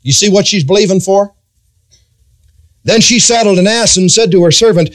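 A man's voice: normal speed, long pauses. A man preaching a sermon, dramatic and emphatic, retelling scripture in old-fashioned biblical wording. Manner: dramatic, emphatic, sweeping pitch swings.

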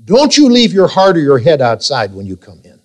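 A male pastor preaching a sermon, emphatic and reading scripture in a slow, drawn-out way. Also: fairly high pitch, wildly swooping pitch, a little mellow.

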